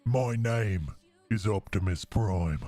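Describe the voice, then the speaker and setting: A man putting on a deep, booming mock-Australian accent for a heroic robot leader, male. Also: slow, warm tone, soft background music.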